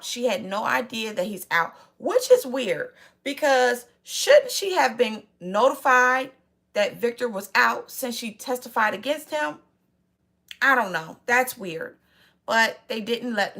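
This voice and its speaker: Woman, gravelly voice, slightly high, chatty movie recap. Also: a bit bright. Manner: chatty, retells scenes with quoted lines. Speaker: movie reviewer. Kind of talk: casual plot recap with commentary.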